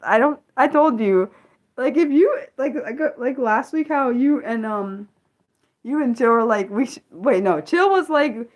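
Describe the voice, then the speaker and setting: A woman's voice: mid-range voice, measured pace. A young woman from the United States hosting an unscripted livestream, rambling with many fillers and restarts as she chats with viewers. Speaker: livestream host.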